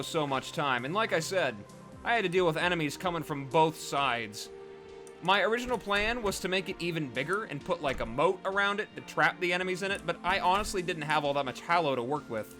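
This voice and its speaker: A man's voice: a little high, bright, forceful tone. A man giving casual, rambling gameplay commentary as a let's play host, chatty and full of fillers.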